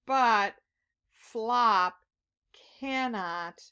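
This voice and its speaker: Teacher type, woman, high and bright, unhurried read-aloud for kids, encouraging. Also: lively intonation. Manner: gentle, encouraging, asks the listener questions. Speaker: children's teacher reading aloud.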